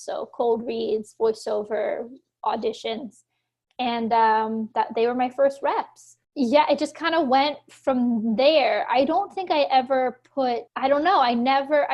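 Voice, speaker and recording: A high-pitched woman from Philadelphia talks as a guest in a casual interview. She rambles quickly and animatedly, sprinkling "like" everywhere and laughing often. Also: darkish tone. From Philadelphia, USA. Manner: chatty, fast, many "like" fillers, laughs often. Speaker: actor and producer guest.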